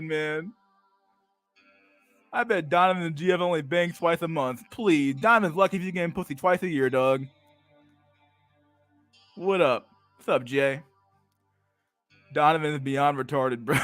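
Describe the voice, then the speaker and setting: A man with a slightly high voice rants on a livestream, swearing constantly and tripping over repeated words as he laughs along. His voice is close and dry, with faint music playing underneath. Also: normal speed, fairly bright tone, no echo. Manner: profane, stammering repetitions, frequent laughter. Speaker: streamer reading and reacting to chat. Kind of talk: casual livestream rant.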